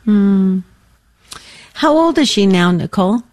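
A woman's voice: mid-range voice, expressive, takes it slowly, darkish tone. Affirming female radio host. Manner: affirming, encouraging. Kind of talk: call-in radio talk.

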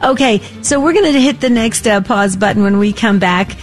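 A woman's voice: mid-range voice, normal speed. A talkative woman hosts a radio talk show in a medium voice. She rambles effusively, circling back and restarting her sentences. Faint music plays under her. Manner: chatty, effusive, many fillers and restarts.

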